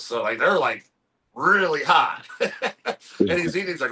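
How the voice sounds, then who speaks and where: A man's voice: fairly high pitch, lively intonation, a little slow, long pauses, pushed and bright, slight background noise. A man chatting casually on a podcast, telling rambling, profane stories and acting out what people said. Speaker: podcast co-host. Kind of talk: casual chat.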